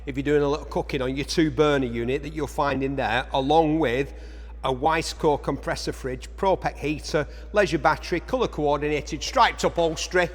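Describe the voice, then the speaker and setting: A man's voice: on the high side, moderate pace, slight background noise. A man presenting cars for an auction in a chatty commentary style, full of jokey asides to himself. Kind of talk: chatty car walkaround commentary. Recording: echoey large hall.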